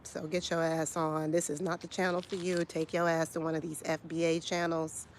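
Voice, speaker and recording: A woman's voice: deep voice, flat delivery, normal speed, a little hiss or hum. A woman, delivering a blunt, profane, confrontational rant straight to camera as a vlogger. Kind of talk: heated direct-to-camera rant.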